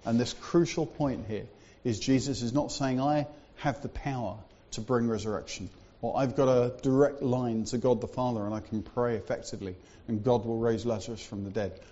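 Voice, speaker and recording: A man preaching in a church with a mellow, dark voice, easygoing and conversational, full of little asides. The sound is a bit dull and lo-fi. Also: medium pitch, fairly even intonation, normal speed, hardly any pauses. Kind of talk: sermon.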